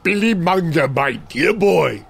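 A man putting on a grand old elocution coach for a comedy sketch, plummy and condescending, with a high, wildly swooping voice and slow, savouring delivery. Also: expressive, gravelly, a bit bright, breathy edge, heavily acted. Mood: pompous. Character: pompous elderly English gentleman elocution coach.

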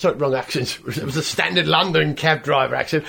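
A man's voice: on the high side, fairly quick, gravelly, few pauses, husky. A man talking enthusiastically in a casual chat, as a podcast co-host. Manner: animated, enthusiastic car talk.

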